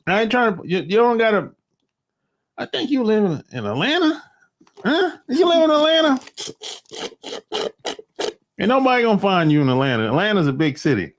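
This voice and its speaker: A man's voice: high voice, very animated, quick pace. A man hosting a livestream, chatting casually with viewers in a rambling, profane way and laughing often. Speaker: livestream host.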